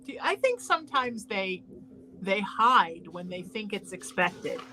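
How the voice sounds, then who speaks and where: A woman's voice: medium pitch, sing-song, a little slow, bright, forceful tone, slight background noise, low-quality recording. A woman hosting an interview show, thoughtfully sharing her own views with her guests in casual conversation. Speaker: podcast host.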